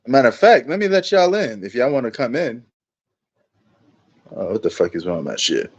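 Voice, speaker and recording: A man's voice: mid-range voice, sing-song, moderate pace, darkish tone, lo-fi sound. A man hosting a sports livestream, rambling in a laid-back, casual way and talking straight to his viewers.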